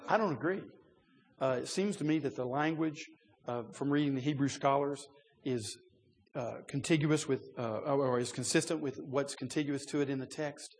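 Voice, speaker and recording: A man preaches a sermon in a loose, conversational teaching style, full of fillers and restarts, his voice rising when he gets animated. He has a mid-range voice at normal speed, heard in big-room sound with a little hiss or hum.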